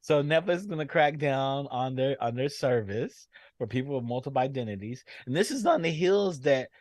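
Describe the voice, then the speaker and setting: A man's voice: mid-range voice, lively intonation, moderate pace, darkish tone, no echo. A man co-hosting a podcast in casual chat, laid-back and slangy with a joking edge. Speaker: podcast co-host.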